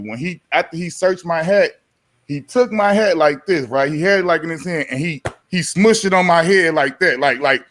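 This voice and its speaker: Casting: man, 40s, higher-pitched, animated slangy storyteller. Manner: animated, slangy, acts out both sides of the exchange. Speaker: podcast guest, former pro basketball player. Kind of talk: casual storytelling.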